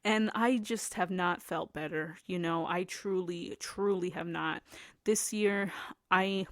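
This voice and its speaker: A woman's voice: on the low side, fairly even intonation, slow pace, dry recording, clean studio sound. A young woman in her twenties hosting her own podcast, chatting alone in a rambling, upbeat way that often breaks into laughter. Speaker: podcast host. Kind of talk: casual solo chat.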